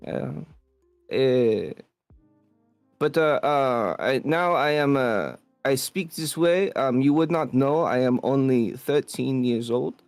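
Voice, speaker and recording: A man's voice: mid-range voice, smooth, no room sound, soft background music. A man playing a French-accented cyborg kid. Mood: hesitant. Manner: halting, hesitant, many fillers. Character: 13-year-old cyborg boy, chain-smoking, French-accented. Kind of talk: improvised comedy role-play.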